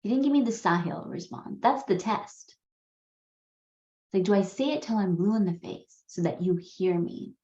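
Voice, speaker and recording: A woman's voice: mid-range voice, expressive, moderate pace, mellow. Earnest woman host in a roomy, slightly muffled recording. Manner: candid and earnest, casual swearing, acts out remembered dialogue. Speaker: podcast host. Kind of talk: personal storytelling monologue.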